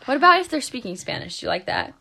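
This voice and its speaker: A woman co-hosts a casual podcast, talking with lots of animation and frequent laughter. Her voice sits a little high and swings widely in pitch. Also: very fast, gravelly. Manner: animated and chatty, laughs often. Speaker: podcast co-host. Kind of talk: casual chat.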